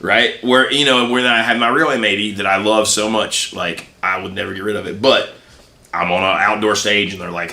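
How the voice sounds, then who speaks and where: Male co-host for a guitar shop stream: low-pitched, bright and forceful tone, loose rambling chat. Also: steady tone, moderate pace. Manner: rambling, filler-heavy, laughs often. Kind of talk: casual chat.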